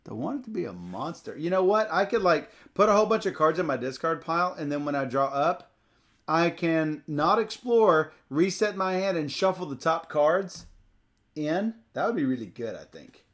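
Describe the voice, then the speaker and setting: A man's voice: fairly high pitch, very animated, normal speed, fairly bright tone. A playful man co-hosting a tabletop card game playthrough, reading card text aloud and laughing often. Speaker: co-host teaching a card game.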